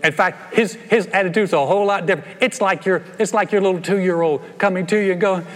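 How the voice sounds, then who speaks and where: A man preaching a sermon as pastor, animated and acting out playful voices. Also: sits high, fairly quick. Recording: long reverb of a large hall.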